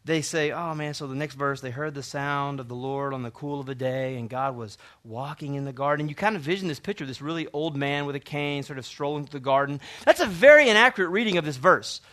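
A young adult man preaching a sermon to a church crowd, swelling with intensity and then falling to hushed tones. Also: mid-range voice, steady tone, brisk, hardly any pauses. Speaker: pastor. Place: church hall.

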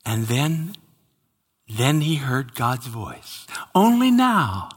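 Guy preaching a sermon, goes from loud to whispery, husky voice, long hall echo. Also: medium pitch, big pitch swings, extremely slow. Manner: dramatic, swinging from loud exclamations to hushed whispers. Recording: hall reverb.

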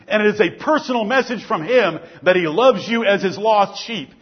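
Male preacher going hard on repetition, high voice, muffled lo-fi sermon tape. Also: animated, normal speed, breathy edge. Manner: fervent, emphatic repetition.

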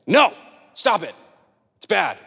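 A stern old grandmother snaps at a child, sharp and shrill, as a man puts her on. The voice rings out with a long hall reverb behind it, sitting high in pitch. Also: huge pitch swings, slow pace, creaky, slightly rough, heavily acted. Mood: scolding. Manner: sharp, rising scolds.

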